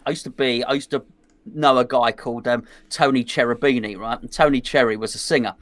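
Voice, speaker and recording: A man's voice: mid-range voice, steady tone, a little fast, no echo. A man co-hosting a casual football chat, teasing the others and rambling through joking anecdotes. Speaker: podcast co-host. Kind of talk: casual banter on a football watch-along.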